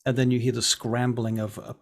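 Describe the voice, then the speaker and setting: A man's voice: mid-range voice, flat delivery, a little fast, gravelly. A man, running a tabletop game as game master in a casual, playful way. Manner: casual, playful, with filler words.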